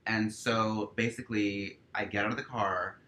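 A man with a lowish, bright and forceful voice tells a story as a podcast guest. He swears freely and fills his sentences with "like", acting out the people in his story as he goes. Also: moderate pace. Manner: profane, peppered with "like"; animated storyteller acting out dialogue. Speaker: guest, stage performer. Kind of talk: casual podcast chat, storytelling.

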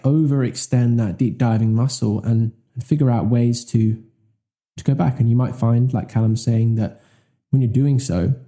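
This podcast co-host is a man with a mid-range, warm voice. He chats casually, enthusiastic and rambling, and often corrects himself mid-sentence.

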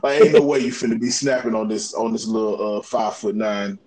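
A man's voice: lowish voice, brisk, over a noisy crowd. A man co-hosting a podcast in rambling, slangy casual chat. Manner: rambling, slangy, keeps saying "you know what I'm saying".

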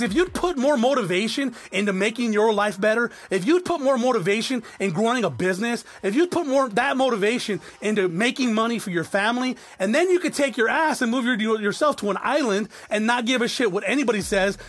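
A man's voice: very high voice, fairly bright tone, no room sound. A man hosting a podcast, ranting bluntly with constant swearing and stammered repeats. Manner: blunt, swearing often, repeats words when worked up. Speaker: podcast host. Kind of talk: profane ranting monologue.

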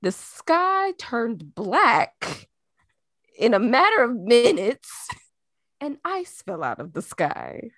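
A woman's voice: on the high side, huge pitch swings, takes it slowly, a bit bright, no room sound, studio quality. A woman co-hosting a podcast in casual chat, blunt and exasperated, swearing freely. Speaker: podcast co-host.

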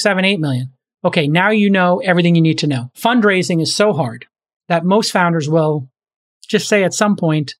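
A speaker giving casual, emphatic advice on startup fundraising and valuations, often acting out example conversations. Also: medium pitch. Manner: brisk and emphatic, acts out example dialogues.

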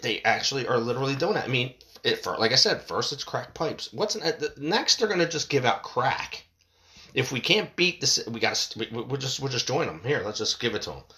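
A man's voice: medium pitch, sharp tone. A man ranting in a casual, profane, rambling way, stumbling over restarts and swearing often. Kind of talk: casual rant to camera.

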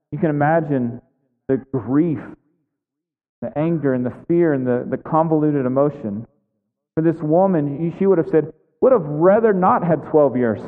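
A man pastor preaching a sermon in a church, earnest and conversational, pressing the listeners with repeated questions. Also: a little high. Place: church sanctuary. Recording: phone-like sound in a reverberant hall.

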